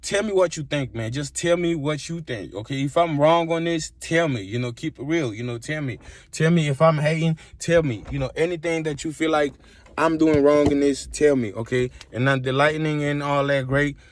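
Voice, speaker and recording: A man's voice: fairly high pitch, normal speed. A man vlogging from a coffee shop, rambling and emphatic as he fires off rhetorical questions to his viewers. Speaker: vlogger and musician. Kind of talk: casual rant to camera. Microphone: phone camera.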